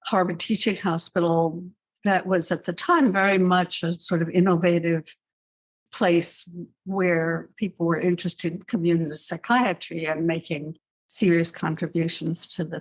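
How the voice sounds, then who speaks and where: Older woman guest, low-pitched, measured and reflective, with dry wit. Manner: measured, thoughtful storytelling with dry asides. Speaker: psychiatrist guest. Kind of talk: reflective interview answers.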